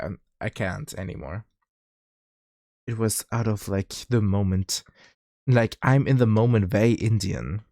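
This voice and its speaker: Lively young man with a German accent. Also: medium pitch, no room sound, clean studio sound. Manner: rambling, with frequent restarts and bursts of laughter. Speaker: streamer. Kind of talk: casual livestream chat.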